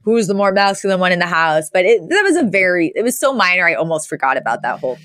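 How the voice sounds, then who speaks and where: A woman's voice: fairly low pitch, very animated, quick pace, fairly bright tone, no room sound, studio quality. A woman co-hosting a podcast in casual chat, retelling scenes with lots of fillers. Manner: chatty, retells scenes with lots of likes and you-knows. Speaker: podcast co-host.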